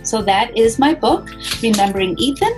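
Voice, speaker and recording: A woman, the author, reading her children's picture book aloud in a gentle, expressive storytelling voice. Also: fairly high pitch, moderate pace, music in the background, low-quality recording.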